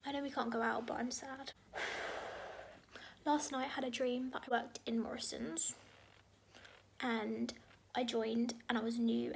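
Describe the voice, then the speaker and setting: A woman's voice: on the high side, vocal fry, slight background noise. A young woman chatting casually at home in a rambling vlog, full of "like" and often dropping to a near whisper, filmed on a handheld phone camera. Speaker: vlogger. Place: at home, bedroom.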